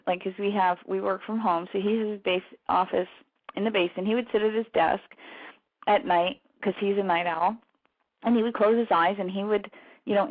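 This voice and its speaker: A woman radio show host chatting casually, telling stories quickly with frequent laughs. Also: mid-range voice. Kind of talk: casual chat. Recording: tinny phone-line radio audio.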